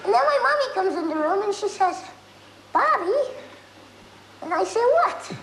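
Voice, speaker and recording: A comedian voicing a whiny, babyish little boy who stammers and repeats himself in a squeaky voice. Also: sing-song, normal speed, gravelly, fairly bright tone, reverberant, slight background noise, exaggerated voice, rough recording. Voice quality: squeaky, childlike. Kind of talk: stand-up character bit.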